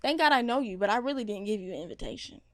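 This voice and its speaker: A young woman hosting a podcast, chatting casually and joking, jumping between loud bursts and hushed asides. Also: a little high, animated, racing. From Seattle area. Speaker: podcast host. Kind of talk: casual chat.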